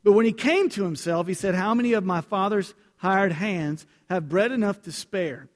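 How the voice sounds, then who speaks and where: Male pastor, lightish voice, warm direct sermon delivery with Bible readings, echoing sanctuary. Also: high-pitched, moderate pace. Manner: earnest, conversational, addresses congregation directly. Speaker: preacher. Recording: long hall reverb.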